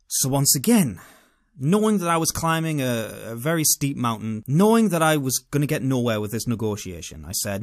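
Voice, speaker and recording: A man with a British accent tells a personal story in a casual monologue, speaking with animated, sardonic delivery. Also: mid-range voice, fairly quick. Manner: animated, sardonic, dramatic inner-voice asides. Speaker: vlogger.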